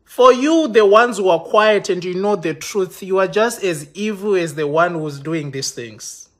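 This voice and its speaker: A high-voiced man in London addresses his stream viewers in an angry, accusing tirade, taking his time as he speaks. His passion shows through, though he fumbles his words and restarts frequently.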